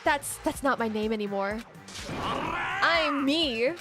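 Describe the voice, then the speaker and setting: A woman voicing a hot-blooded young male delinquent in a visual novel, making slow, emphatic declarations. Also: sits high, animated, over loud music. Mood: fired up.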